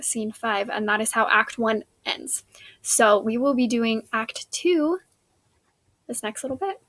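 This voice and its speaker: A woman's voice: fairly high pitch, fairly bright tone, no echo. A woman teacher, recapping a play scene for her students in a casual, chatty way with many fillers.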